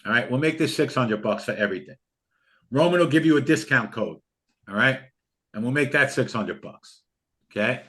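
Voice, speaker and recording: Over a video call, an older man hosting a live online trading class pitches his course in a pushy, heartfelt and repetitive way. He is animated, bright and forceful, speaking at a moderate pace with frequent pauses.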